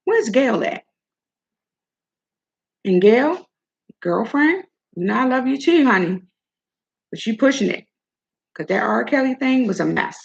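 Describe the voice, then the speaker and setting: Speaking a little slowly with long pauses, this older woman's voice is on the high side, very animated, slightly rough, and full of vocal fry. As host of a commentary vlog, she talks sassily straight at the person she's taking aim at, captured in muffled lo-fi audio.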